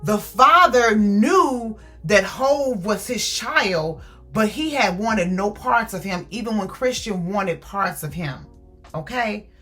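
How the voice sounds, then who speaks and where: A woman giving a casual, animated book review, retelling the story with acted quotes. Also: medium pitch, slow, slightly rough, soft background music.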